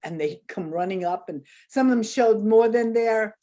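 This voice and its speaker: Her voice is warm, medium in pitch and normal in pace as this older woman, guesting on an interview, spins animated stories. She often laughs and acts out what people said.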